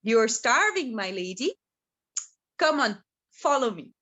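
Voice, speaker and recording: Lady doing a cocky street dog guy, teasing, smooth talker, slow and easy. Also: a little high, very animated, sharp tone, full character voice. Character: scruffy cocky male street dog, charming.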